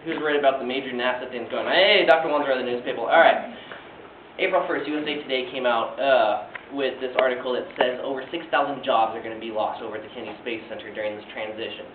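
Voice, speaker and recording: A man's voice: mid-range voice, fairly even intonation, fast, a little hiss or hum. A young man giving an earnest class presentation with frequent filler sounds, recorded from far off in a classroom. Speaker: student giving a class speech. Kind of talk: presentation speech. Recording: distant tinny echoey classroom recording.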